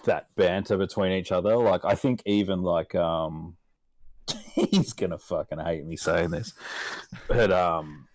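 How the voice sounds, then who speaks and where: Brief: young aussie bloke, very low voice, dry close sound, rambling sweary storyteller. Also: male voice, a little slow, a little mellow, dry recording. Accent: Australian. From Australia. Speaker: podcast guest. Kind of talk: casual podcast chat.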